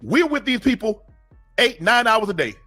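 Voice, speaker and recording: A man's voice: sits high, big pitch swings, normal speed, pushed and bright, faint music behind. A middle-aged man, a former football player, co-hosting a casual sports talk show and making emphatic points that often start with repeated words.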